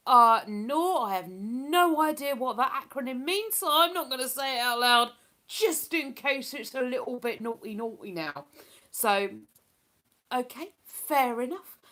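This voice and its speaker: Woman, bright voice, slightly high, chatty live-stream talk, rambling, laughs a lot. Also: expressive, unhurried. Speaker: live streamer reading chat. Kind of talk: casual live-stream chat.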